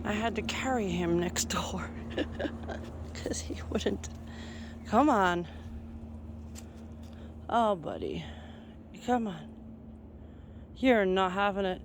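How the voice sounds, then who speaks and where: Her voice is mid-range and animated, slow, with frequent pauses, as this vlogger coaxes her leashed cat along a street. The talk is casual, affectionate and laughing, set against faint street and traffic noise.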